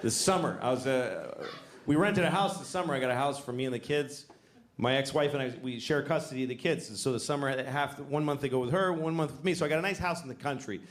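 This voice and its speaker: A man's voice: medium pitch, fast. A middle-aged man doing a live stand-up routine on stage, ranting profanely and exasperated, dropping into mumbled asides. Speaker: stand-up comedian. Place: comedy stage before a live audience. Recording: reverberant live venue with audience noise.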